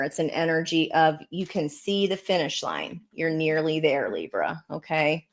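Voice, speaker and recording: A woman's voice: deep voice, rough recording. A woman giving a casual tarot reading, chatty and encouraging, talking straight to her viewers. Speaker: tarot reader.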